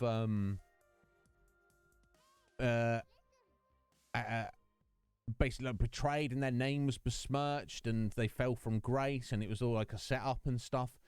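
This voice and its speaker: A man's voice: mid-range voice, darkish tone, clear, resonant tone, no echo. A man chatting casually with his stream viewers, rambling between topics and greeting them by name. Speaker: game streamer.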